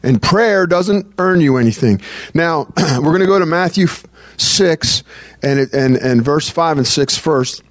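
A man preaching a sermon in a loose, conversational way, often repeating phrases and restarting sentences, and reading scripture slowly. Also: a little high, lively intonation, no echo.

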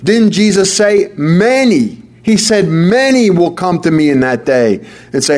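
A man's voice: high voice, very animated, measured pace, hardly any pauses, a little mellow. A man preaching a sermon, emphatic and repetitive, often restarting his words. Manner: emphatic, repeats key phrases, stammering restarts.

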